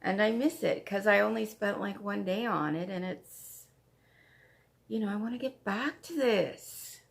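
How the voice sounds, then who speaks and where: Casting note: woman, crafting vlog host, unhurried and gravelly, gushy and repetitive. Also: mid-range voice. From Canada. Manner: chatty, gushing, repeats herself. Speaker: flosstube host. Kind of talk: casual show-and-tell chat.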